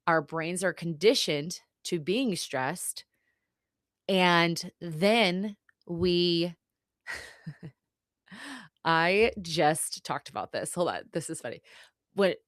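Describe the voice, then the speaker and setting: Casting: chatty, rambling woman host with a lowish voice who laughs easily and curses offhand, recorded on a dry-sounding computer mic for a live stream. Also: fairly bright tone, no echo. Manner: chatty, rambling, laughs often, swears casually. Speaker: podcast host and therapist. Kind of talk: casual live-stream talk. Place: home setup on a live stream. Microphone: computer mic on a video stream.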